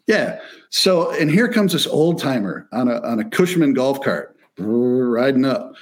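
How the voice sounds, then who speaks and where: Man, from Michigan, casual storytelling, profane, animated, quotes people in their voices. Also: mid-range voice, measured pace. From Michigan, near Detroit.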